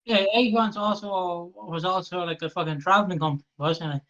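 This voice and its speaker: A British man co-hosting a podcast, speaking in a hesitant, halting way. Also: sits high, steady tone, a bit bright, lo-fi sound. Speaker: podcast co-host. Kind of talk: casual podcast chat.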